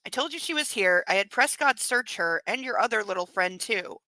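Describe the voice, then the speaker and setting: A woman's voice: medium pitch, animated, brisk, bright, forceful tone, dry recording. A woman voicing a defiant young wife who answers back in clipped, indignant lines.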